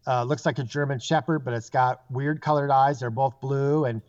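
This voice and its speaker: A man's voice: mid-range voice, moderate pace. A man, a psychic guest, telling stories casually and acting out the voices of the people in them. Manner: animated storyteller, acts out quoted voices. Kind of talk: casual storytelling. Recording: dull lo-fi sound.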